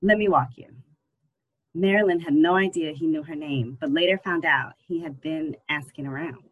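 An audiobook narrator tells a novel in a steady, even storytelling manner. The voice is husky and sits at a middling pitch. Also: normal speed, narrow, tinny audio. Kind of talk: scripted narration.

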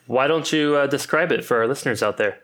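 A man's voice: medium pitch, fast talker, a bit bright. A man co-hosting a comedic podcast, making dry, wry remarks. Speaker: podcast co-host.

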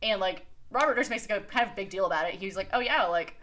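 A woman's voice: medium pitch, rapid-fire, fairly bright tone. A woman co-hosting a casual podcast, chatting loosely with many fillers and frequent laughter. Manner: laughs often, heavy use of "like", swears casually. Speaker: podcast co-host. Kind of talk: casual chat.

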